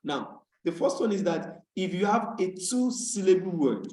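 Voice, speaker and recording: A man from Nigeria teaches an online tutorial, his voice sitting a little high. He explains rules patiently and repeats key words slowly for students to copy. The call audio carries a noticeable room echo. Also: sing-song, warm tone. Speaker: English tutor. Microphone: video call. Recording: echoey room on a video call.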